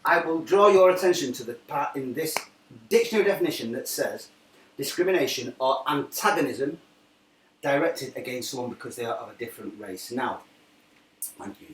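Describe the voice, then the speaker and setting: A man's voice: mid-range voice, animated, normal speed, slight background noise. A man hosting a live online show, ranting and swearing, calling people brother, with stammering restarts. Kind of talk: ranting live stream chat.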